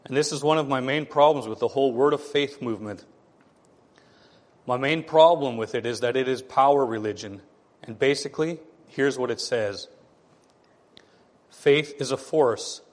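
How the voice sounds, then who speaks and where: A man preaching a sermon, animated, acting out the voices of the people he quotes. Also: mid-range voice, moderate pace, pauses often, big-room sound.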